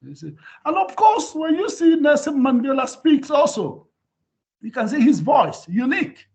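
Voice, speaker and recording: A man, a professor, giving a university lecture in an animated way and often asking his students whether they follow. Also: extremely high pitch, moderate pace. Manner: animated, repeats "can you see?". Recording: dull lo-fi lecture recording.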